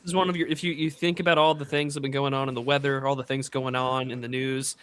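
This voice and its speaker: A man's voice: medium pitch, little pitch movement, fast, fairly bright tone, clear, resonant tone. A young man hosting a podcast, chatting casually in a sardonic, joking, rambling way. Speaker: podcast host. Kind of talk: casual chat.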